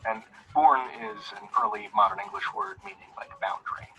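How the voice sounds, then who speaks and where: A man's voice: medium pitch, wildly swooping pitch, brisk, vocal fry, pushed and bright, a little hiss or hum. A man teaching grammar in a recorded video lesson, enthusiastic and chatty, with casual fillers. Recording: lo-fi video played back.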